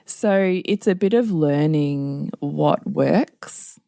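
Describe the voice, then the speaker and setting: A woman's voice: low-pitched, extremely slow, vocal fry, no room sound, clean studio sound. A middle-aged woman co-hosting a casual podcast, laughing often as she tells family stories and acts out the lines of her husband and son. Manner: acts out family members' lines in lively voices. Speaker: podcast co-host.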